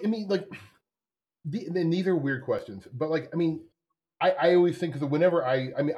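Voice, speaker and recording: A man's voice: medium pitch, dark tone. A man hosting a podcast, asking curious, rambling questions with many fillers. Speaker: podcast host. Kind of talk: casual interview chat.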